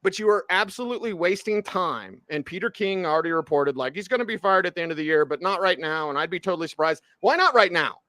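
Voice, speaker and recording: High-voiced man ranting on sports radio. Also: fast talker, hardly any pauses, no echo. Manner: loud ranting, mocking put-on quotes. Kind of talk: heated sports radio rant.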